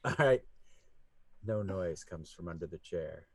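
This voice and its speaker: A man narrating as game master, talking haltingly with many fillers and laughing easily, over a video call. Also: sits low, expressive.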